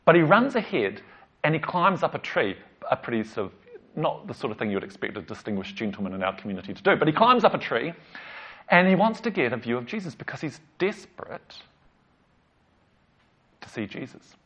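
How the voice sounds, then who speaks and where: Man preaching a casual, animated sermon. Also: medium pitch, a little fast, slightly rough. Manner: animated storytelling with casual asides. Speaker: pastor. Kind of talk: conversational sermon. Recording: slightly dull lo-fi recording.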